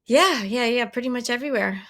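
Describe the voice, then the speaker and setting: A woman's voice: fairly high pitch, a little fast, fairly bright tone, dry recording, clean studio sound. An American woman, a musician guest, answering casually with short replies and frequent laughter. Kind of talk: casual interview chat.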